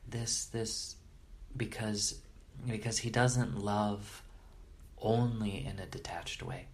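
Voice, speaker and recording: Male interview guest with a lowish voice, earnest and reverent storyteller, halting restarts. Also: steady tone, a little mellow. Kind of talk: storytelling in conversation.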